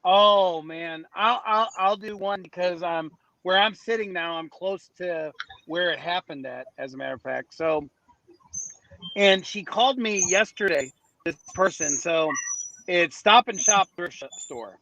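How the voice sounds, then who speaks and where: A man with a high voice tells a story in a loose, rambling way, stumbling into restarts as he goes. The sound is muffled and lo-fi, and he is outdoors near a city street. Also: unhurried, pushed and bright, slight background noise. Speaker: podcast guest. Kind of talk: casual storytelling.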